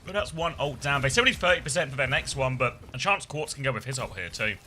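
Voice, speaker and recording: Bright, quick male esports commentator. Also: medium pitch, faint music behind. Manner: quick, excitable play-by-play. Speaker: esports co-caster. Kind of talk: play-by-play commentary.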